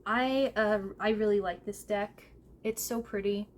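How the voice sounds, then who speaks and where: Slow, gentle woman reading tarot. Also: mid-range voice, fairly even intonation, slight background noise. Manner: gentle and emotional, with fillers and pauses. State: tearful. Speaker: tarot reader. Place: home room, seated in a squeaky chair.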